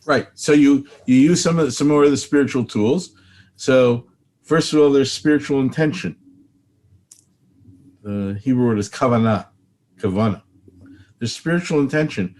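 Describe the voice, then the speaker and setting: An older man talks as a rabbi and spiritual teacher in an interview. His delivery is earnest and preacherly, and he repeats his key phrases to drive them home. His voice sits at an ordinary pitch for a man. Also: moderate pace, long pauses, a little mellow.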